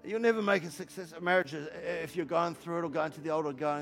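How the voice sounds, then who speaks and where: A man in his fifties delivers an energetic sermon in a high, gravelly voice. He jokes with the congregation and hammers home his points with repeated questions, while soft music plays underneath. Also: fast talker, few pauses. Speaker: pastor. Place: church hall.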